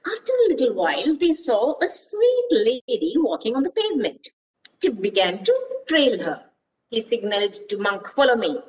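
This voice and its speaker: A woman reading a children's story aloud, expressive and asking her listeners questions. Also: a little high, moderate pace. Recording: voice distant from mic.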